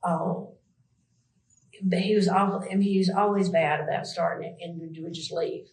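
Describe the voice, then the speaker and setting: A woman's voice: on the low side, steady tone, moderate pace, darkish tone, reverberant, rough recording. A woman with a Southern US accent, answering questions in a police interview, rambling and hesitant with many fillers.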